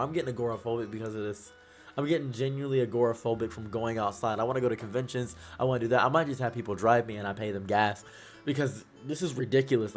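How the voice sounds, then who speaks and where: A young man talking to camera in a halting, upset way, close to tears, repeating himself and trailing off. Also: mid-range voice. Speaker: YouTuber. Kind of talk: emotional talk to camera.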